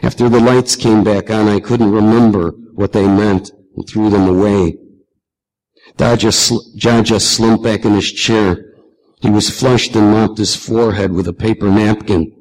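A man reading literary fiction aloud in a measured, reflective way. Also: on the low side, steady tone, a little mellow, in a large hall, poor audio. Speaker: reader.

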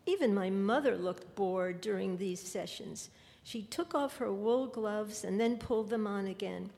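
A woman reading her literary fiction aloud in a measured, deliberate way. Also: mid-range voice, creaky, a little mellow. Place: lecture hall. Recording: long hall reverb.

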